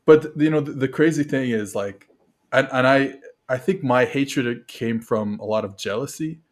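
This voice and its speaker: A man from Montreal talks as a podcast guest in a medium-pitched voice. He rambles earnestly, often restarts his sentences, and fills them with "like" and "you know". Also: moderate pace. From Montreal, Canada. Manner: rambling, filler-heavy, earnest. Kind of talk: casual podcast chat.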